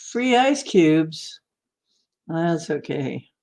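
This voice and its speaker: Slow-talking playful woman host. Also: deep voice, very animated, a little mellow. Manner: playful, teasing, reads out chat comments. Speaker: livestream host. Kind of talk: casual chat with viewers.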